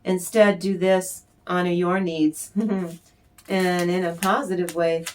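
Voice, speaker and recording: Slow, blunt woman reading tarot. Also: lowish voice, level tone, a little mellow, slight background noise. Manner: blunt and profane, emphatic. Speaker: tarot reader.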